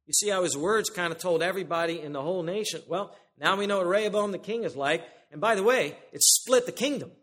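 A man preaching a sermon, reading scripture aloud with rising emphasis and dropping into quiet asides to the congregation. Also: a little high. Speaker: pastor.

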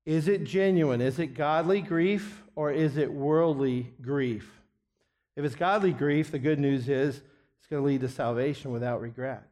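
Middle-aged guy teaching a bible counseling class, kinda high voice, earnest, drops off soft at the end of lines. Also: measured pace. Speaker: biblical counseling instructor. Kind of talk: classroom lecture.

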